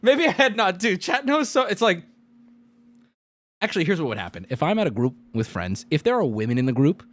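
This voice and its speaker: A man streaming to his chat, telling a travel story in a lively way and jumping into squeaky put-on voices for the people he quotes. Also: a little fast. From United States. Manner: lively, swings into high squeaky voices when quoting people.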